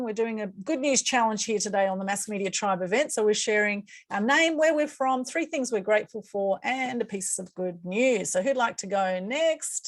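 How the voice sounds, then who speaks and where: An upbeat woman hosts an online meetup over a video call. She talks in a chatty, loose way, with frequent fillers and quick restarts. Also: a little high. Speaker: meetup host. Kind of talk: casual group video call.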